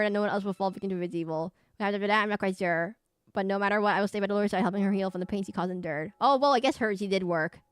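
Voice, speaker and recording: During a let's play of a romance horror game, a woman streamer dramatically reads the characters' lines aloud, breaking off to react and laugh. Her mid-range voice is clear and resonant, with no echo.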